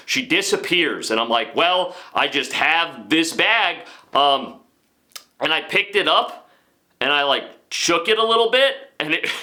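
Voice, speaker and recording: A man's voice: fairly high pitch, pushed and bright. A man hosting a comedy podcast, telling a rambling story with self-aware asides. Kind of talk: comic storytelling.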